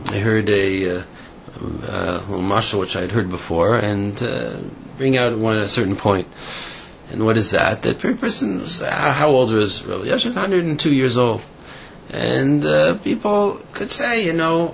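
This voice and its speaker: Gravelly-voiced man giving a halting sermon. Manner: halting, with many fillers and restarts; acts out voices in the story with rising pitch. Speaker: rabbi giving a talk. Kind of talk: informal sermon with a parable. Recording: dull lo-fi recording with faint background noise.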